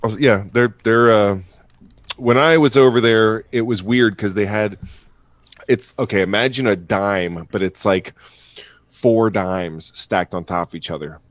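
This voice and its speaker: Profane low-voiced podcast co-host. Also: male voice, unhurried, no room sound. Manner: profane, laughs often, animated storytelling. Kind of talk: casual chat.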